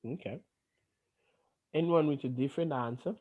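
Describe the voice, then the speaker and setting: A man's voice: mid-range voice, normal speed, husky, phone-quality sound. A male teacher running a class discussion, explaining terms and asking questions with frequent okays.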